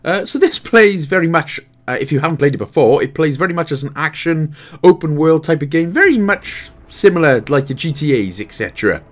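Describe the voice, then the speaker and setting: A Welsh man talks through a video game guide in a relaxed, joking way. His voice sits a little high for a man and swings up and down a lot as he chats. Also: fairly quick. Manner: chatty, jokey, self-mocking asides. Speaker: gaming guide host. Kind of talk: game walkthrough commentary.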